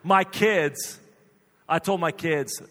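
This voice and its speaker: A male pastor with a high, lively voice, telling a story in his sermon with emphatic energy. His voice rings out with a long reverb, as if he is preaching in a large hall. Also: takes it slowly.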